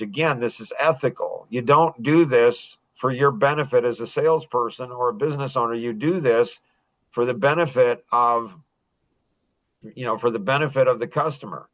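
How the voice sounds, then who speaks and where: Animated man coaching salespeople. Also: medium pitch, dry recording, poor audio. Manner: animated, acts out sales lines, frequent restarts. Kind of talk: casual teaching talk.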